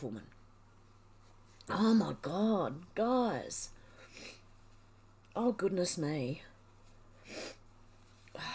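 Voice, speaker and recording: A woman hosting a livestream, reading out chat messages and getting teary as she thanks her viewers. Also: a little high. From Australia. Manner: emotional, gushing, tearful thanks. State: teary, crying.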